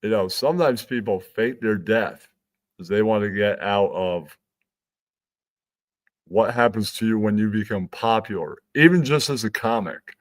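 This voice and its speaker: A man's voice: lowish voice, measured pace. A man hosting a stream, rambling through a crude, self-amused comedic monologue. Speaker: stream host.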